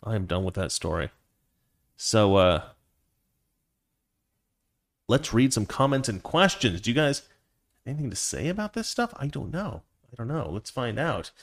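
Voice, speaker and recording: Rambling, low-voiced male livestream host. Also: big pitch swings, normal speed, pauses often. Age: adult, past his teens. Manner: rambling, self-correcting, laughs often. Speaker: livestream host reading viewer comments. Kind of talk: casual livestream chat.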